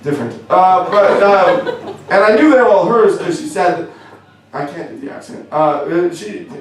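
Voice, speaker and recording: A young man with a Canadian accent works through a stand-up set, dry and self-mocking, his delivery full of little halts and restarts. His voice sits a touch high for a man. It comes from a distance in an echoey club, with faint room noise around it. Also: expressive. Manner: wry, self-deprecating, halting with many fillers. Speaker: stand-up comedian. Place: comedy club.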